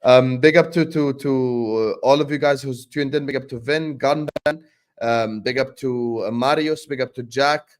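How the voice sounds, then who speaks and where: A man hosting a casual football livestream, thanking viewers by name in an excited, chatty way. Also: mid-range voice, normal speed. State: sleepy, yawning. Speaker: host.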